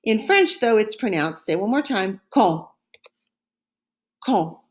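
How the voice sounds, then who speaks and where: A woman teaching a recorded French lesson, modeling words slowly and clearly for listeners to repeat after her. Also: medium pitch, big pitch swings.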